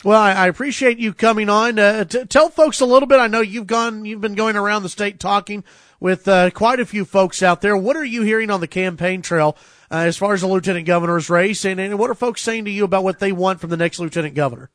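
High-voiced radio talk show host. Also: male voice, fairly bright tone, dry recording, studio quality. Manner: easygoing, chatty, many filler pauses.

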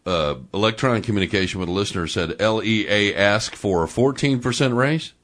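Low-voiced man, morning radio host, folksy casual interviewer. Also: a little fast, fairly bright tone. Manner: folksy, loose, with many fillers.

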